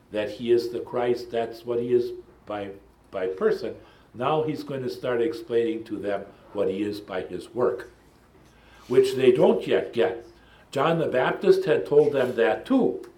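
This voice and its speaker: A man's voice: mid-range voice, darkish tone. Man teaching a Bible study, echoey room. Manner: thoughtful and digressive, with frequent ums and asides. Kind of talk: lecture-style Bible study.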